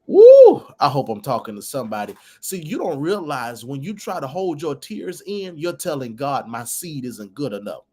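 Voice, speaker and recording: A man's voice: mid-range voice, very animated, moderate pace, few pauses, breathy edge. Man preaching prophetic declarations. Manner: repetitive, declaring, rising to loud peaks; addresses viewers by name. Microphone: phone livestream.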